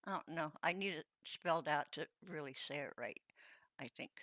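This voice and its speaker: A woman's voice: low voice, moderate pace, a bit bright, no echo, clean studio sound. A woman with a Southern Californian accent hosting a casual live stream, chatty and rambling with many fillers. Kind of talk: casual livestream chat.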